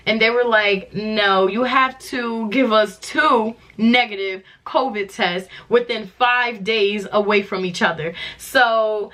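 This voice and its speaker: A woman's voice: fairly high pitch, unhurried, few pauses, pushed and bright. Chatty young woman. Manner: chatty, dramatic, many "like" fillers. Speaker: vlogger. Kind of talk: casual storytelling to camera.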